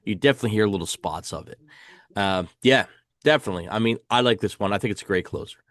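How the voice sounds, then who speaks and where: A man's voice: fairly low pitch, fast, fairly bright tone, dry recording. Man, casual album review host, enthusiastic, swears now and then, dry close mic. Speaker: podcast host.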